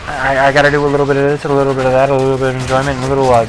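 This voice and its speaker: A young man giving casual, rambling commentary over his gameplay, joking and breaking into excitable outbursts. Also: mid-range voice, rapid-fire, slight background noise, rough recording. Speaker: gaming commentator.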